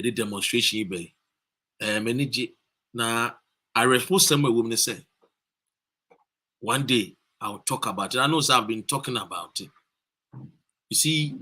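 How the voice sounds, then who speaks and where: A Ghanaian man livestreaming from a street demonstration, rousing viewers with repeated calls and shout-outs. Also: lowish voice, slightly rough. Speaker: activist streaming a demonstration. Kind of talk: live-streamed rally talk.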